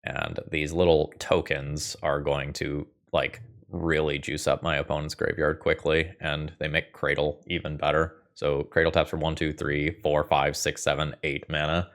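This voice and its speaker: A man's voice: very deep voice, little pitch movement, moderate pace, a bit bright. A man giving casual, wry commentary while playing a card game, thinking aloud and cursing at setbacks. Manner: wry, thinks aloud, swears when frustrated. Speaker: gaming video host.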